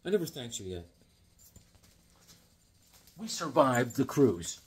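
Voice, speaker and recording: A man's voice: medium pitch, big pitch swings, takes it slowly, husky. A man chatting casually and joking as he leafs through comics, rambling into silly asides. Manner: rambling, joking, slips into silly voices and songs. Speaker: comic collector host. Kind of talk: casual comedic chat.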